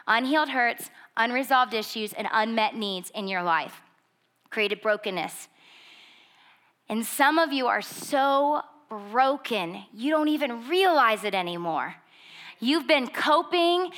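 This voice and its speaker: A young woman speaks to a live audience in a bright, fairly high voice. She tells her story candidly, then drives her points home with growing emphasis. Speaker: speaker giving a testimony. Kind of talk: testimony sermon to a live audience.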